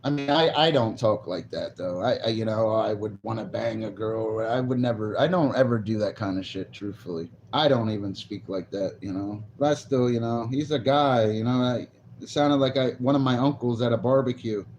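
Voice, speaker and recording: A man's voice: fairly low pitch, normal speed, a little mellow, muffled recording, a little hiss or hum. A man talking casually on a live stream, rambling loosely and answering viewers' comments. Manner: rambling, loose, restarts and reads chat aloud. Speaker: livestreamer.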